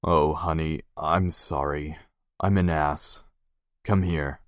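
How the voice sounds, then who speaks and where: Man voicing a gruff tattoo artist, curt, swearing, very deep voice, dry sound. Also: fairly even intonation, takes it slowly, no room sound. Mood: soothing. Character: gruff, guarded young male tattoo artist.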